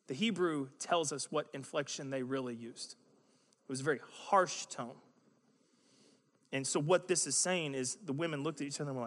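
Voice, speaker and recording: A man with a slightly high voice gives a lively sermon, talking to the listeners as if chatting with them and dropping in jokes. His voice rings out with a long reverb in a large hall. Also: normal speed. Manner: conversational, joking asides, animated. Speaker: preacher.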